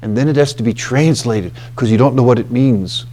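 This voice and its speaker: A man giving a reflective scripture talk at a retreat house, deliberate and emphatic, often checking in with "okay" and "you know.". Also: medium pitch, dark tone.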